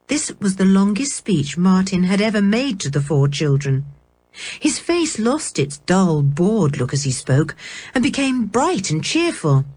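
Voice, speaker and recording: A woman narrating a children's novel aloud in an expressive storytelling manner. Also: low-pitched, measured pace, husky.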